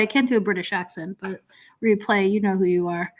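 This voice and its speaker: A woman's voice: medium pitch, fairly even intonation, fairly quick. A woman hosting a casual commentary stream, rambling with lots of ums and restarts in an exasperated, sarcastic tone. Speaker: host of a drama commentary stream.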